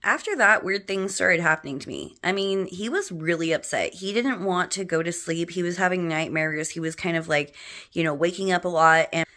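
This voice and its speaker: A woman's voice: on the low side, moderate pace, pushed and bright. A middle-aged woman telling a personal ghost story in a chatty, dramatic way, full of fillers. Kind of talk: casual spoken ghost story.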